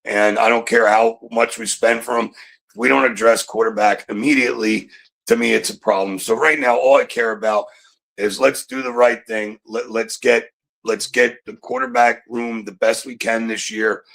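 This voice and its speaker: A man's voice: medium pitch, steady tone, moderate pace, creaky, a bit bright, low-quality recording. A man calling in to a sports talk show, talking in a frustrated, rambling way. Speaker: caller.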